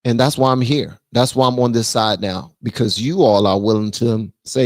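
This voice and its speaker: Gravelly blunt man streaming. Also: medium pitch, normal speed, hardly any pauses, dry recording. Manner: blunt, animated, reads super chats aloud. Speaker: live stream host. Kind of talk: casual political commentary live stream.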